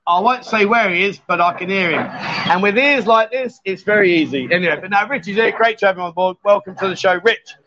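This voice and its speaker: A man's voice: high voice, brisk, sharp tone, highs cut off, a little hiss or hum. A man hosting a casual live-stream chat, teasing his co-host and laughing often.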